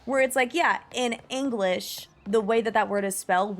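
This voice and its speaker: A woman's voice: fairly high pitch, moderate pace, few pauses. Chatty young American woman streamer. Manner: rambling and enthusiastic, heavy on "like" fillers and swearing. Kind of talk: casual chat while gaming. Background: faint game music.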